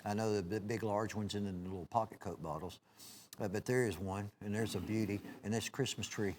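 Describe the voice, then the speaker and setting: This folksy TV host pitches knives on a live home-shopping broadcast in a lowish, darkish voice with a steady tone and a brisk pace. He rambles, says "uh" a lot, restarts sentences, and calls his viewers "folks," occasionally clearing his throat. There's a slight hiss or hum in the recording.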